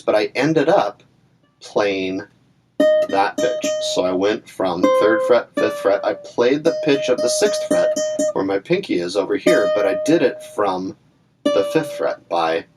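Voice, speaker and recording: A man teaching ukulele in a casual, chatty way, talking through examples with fillers and asides. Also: on the low side. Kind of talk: casual instructional talk. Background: ukulele playing between phrases.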